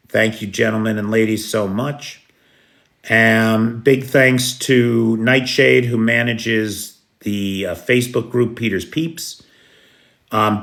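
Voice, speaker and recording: A man's voice: medium pitch, creaky, fairly bright tone. A man hosting a casual livestream, thanking viewers by name and answering their comments bluntly. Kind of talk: casual live-stream chat.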